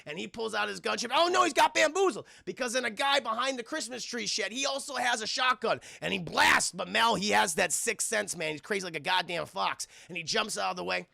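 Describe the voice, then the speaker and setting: A man with a high, heavily gravelly voice tells a film's story on a live stream. He sounds bright and edgy, swears freely and keeps turning to his chat as he goes. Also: a little fast, few pauses, no room sound, clean studio sound. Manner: animated, profane, keeps addressing the chat. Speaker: streamer and film reviewer. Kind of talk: casual live-stream film recap.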